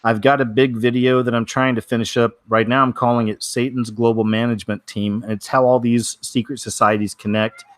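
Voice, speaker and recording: A man's voice: mid-range voice, flat delivery, a little fast, hardly any pauses, no echo, studio quality. A man hosting a casual weekly news show, wry and offhand, with many fillers.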